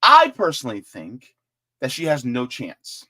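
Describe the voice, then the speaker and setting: A man hosting casual political commentary in an animated, joking way, with chatty asides. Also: medium pitch, a little slow.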